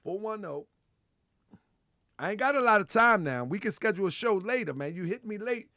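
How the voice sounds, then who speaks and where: A man hosting a live show, loud and animated, laughing often, repeating himself and calling out to his chat and callers. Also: high voice, a little fast, no echo, studio quality. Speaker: livestream show host.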